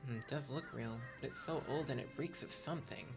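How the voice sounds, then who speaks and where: A man's voice: mid-range voice, fast, close to an everyday voice. A man voicing a fussy, stern gate attendant. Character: stern ship gate attendant, gruff but caring. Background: game music.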